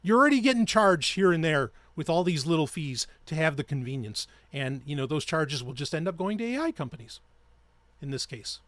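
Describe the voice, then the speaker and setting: A man's voice: fairly high pitch, sing-song, fairly quick, a bit bright, no room sound. Heated, profane male podcast ranter. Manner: profane, heated, sarcastic ranting. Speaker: podcast host. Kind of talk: ranting solo podcast talk.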